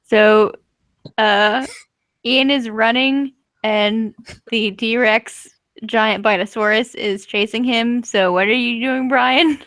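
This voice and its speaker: A woman's voice: on the high side, fairly even intonation, takes it slowly, fairly bright tone, no room sound. A young woman narrating as game master, laughing often as she goes.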